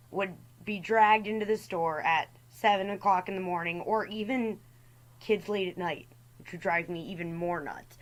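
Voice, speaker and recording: A woman's voice: lowish voice, a bit bright, rough recording. Exasperated woman ranting in a storytime. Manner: exasperated ranting, mimics people in quotes. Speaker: storytime host. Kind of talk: storytime rant voice-over.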